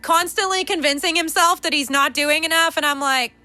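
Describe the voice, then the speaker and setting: Bright-voiced candid woman podcaster. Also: high voice, brisk, dry recording. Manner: candid, swearing, laughs often, many fillers. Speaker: podcast host. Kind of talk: casual monologue.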